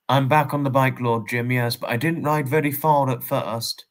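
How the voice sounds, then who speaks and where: A man's voice: medium pitch, moderate pace, few pauses. A man with an English accent hosting a casual livestream, rambling and repeating himself in polite, formal phrases as he greets viewers and reads their messages. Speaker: livestream host.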